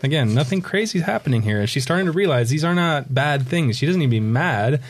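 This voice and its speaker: A man presenting a children's book in conversation, describing its pages, laughing easily and guiding slow breathing. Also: fairly high pitch. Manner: relaxed, laughs often, guides breathing. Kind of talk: reading a picture book aloud in a conversation.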